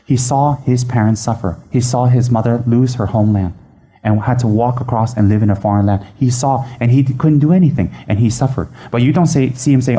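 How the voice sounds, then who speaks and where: A man teaching Buddhism in a chatty, animated way, often restarting his sentences. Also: mid-range voice, quick pace. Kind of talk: informal dharma teaching.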